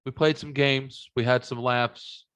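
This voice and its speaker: A man's voice: mid-range voice, fairly even intonation, a little slow, fairly bright tone, clean tone, dry recording. A man hosting a podcast, chatting casually with crude, joking banter. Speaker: podcast host. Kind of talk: casual chat.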